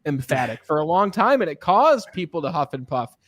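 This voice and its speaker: A man hosting a casual interview as a sales coach, telling stories in an animated way and often checking in with "right?". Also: a little high, fairly quick. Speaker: podcast host and sales coach.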